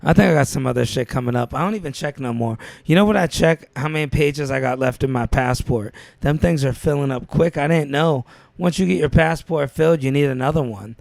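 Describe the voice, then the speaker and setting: A man with a gravelly, slightly higher voice, chatting on a podcast with swagger and bravado. The sound is dry and close, with no room around it. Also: brisk, a little mellow, no echo. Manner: brash, swaggering storyteller. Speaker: podcast co-host. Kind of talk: casual chat.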